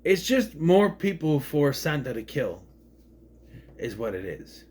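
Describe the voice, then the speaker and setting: A man reviews a film in a casual, rambling way, often restarting his sentences, with swings in pitch and loudness. He speaks slowly in a sing-song voice.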